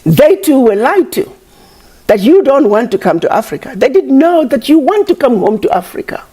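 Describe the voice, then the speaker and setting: A woman's voice: high voice, big pitch swings, normal speed, dark tone, slightly rough. A woman giving an impassioned public address, scolding her critics with repeated rhetorical questions.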